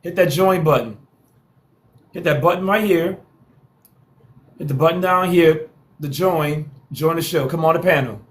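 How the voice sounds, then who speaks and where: A man's voice: fairly high pitch, a little slow, long pauses. A man hosting a live call-in panel show, talking in a slangy, teasing way and repeating lines for effect. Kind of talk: casual live-stream talk.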